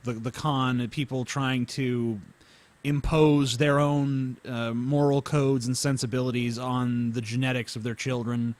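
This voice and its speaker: A man's voice: mid-range voice, little pitch movement, unhurried, a little mellow. A man co-hosting a casual podcast, crude and joking in a loose way. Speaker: podcast host.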